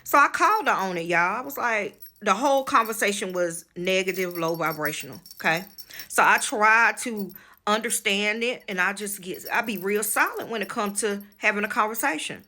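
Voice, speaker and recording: A woman with a bright, forceful voice tells a personal story straight to her viewers in a casual vlog. She is frank and emphatic, calls her audience y'all, and swears freely. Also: mid-range voice, animated, moderate pace. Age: adult, married with children. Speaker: spiritual channel host.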